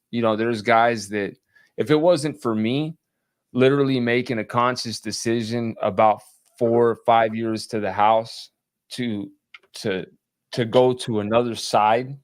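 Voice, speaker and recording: A man in casual conversation, speaking slowly and plainly with frequent restarts and fillers. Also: fairly low pitch, no room sound, clean studio sound. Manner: slow, halting, plainspoken, many restarts. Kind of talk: casual conversation about life after prison.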